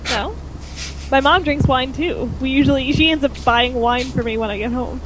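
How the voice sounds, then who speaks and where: A woman's voice: high-pitched, moderate pace, noisy background. A woman co-hosting a casual podcast chat, telling stories and laughing at herself. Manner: chatty storyteller, laughs at herself. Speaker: podcast co-host.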